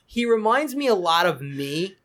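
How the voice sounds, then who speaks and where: A man's voice: high-pitched, big pitch swings, moderate pace, fairly bright tone. A middle-aged man, a cigar company founder chatting as a podcast guest, rambling with many restarts and repeated words. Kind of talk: casual podcast interview.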